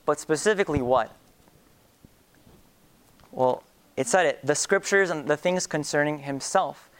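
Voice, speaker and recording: Earnest young man preaching, smooth voice. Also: a little high. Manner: earnest, with many fillers and restarts. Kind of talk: sermon.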